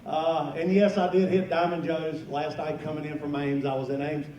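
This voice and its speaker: Folksy Southern comedian in an echoey hall. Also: male voice, on the high side, level tone, moderate pace, darkish tone, far from the mic, lo-fi sound. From North Carolina. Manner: folksy, joking storyteller. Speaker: stand-up comedian. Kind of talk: stand-up routine at a luncheon. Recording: echoey hall mic from afar, noisy.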